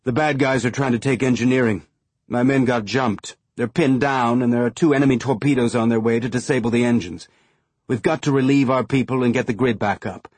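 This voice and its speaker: A man voicing a gruff, wounded older ex-Marine leader who growls curt, cursing commands. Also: medium pitch, fairly even intonation, a little fast, darkish tone, dry recording, natural voice. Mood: commanding.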